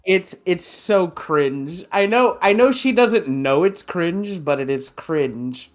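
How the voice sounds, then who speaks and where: A podcast co-host in casual chat, lively, with stammering restarts and frequent swearing. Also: medium pitch, takes it slowly.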